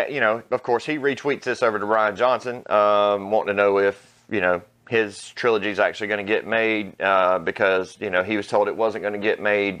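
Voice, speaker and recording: A man's voice: on the low side, fairly bright tone. A man hosting his own channel, delivering a blunt, mocking, profane opinion rant. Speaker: vlog host. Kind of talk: ranting opinion commentary.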